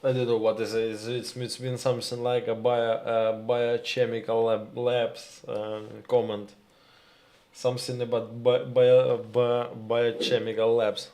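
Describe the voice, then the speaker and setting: A man with a Ukrainian accent hosts a live stream, working slowly through his English and pausing often to find the next word. He speaks to his viewers directly, reads their comments aloud, and gets heated over the news. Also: medium pitch, little pitch movement, darkish tone. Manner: halting, searching for words, addresses viewers as "my dears".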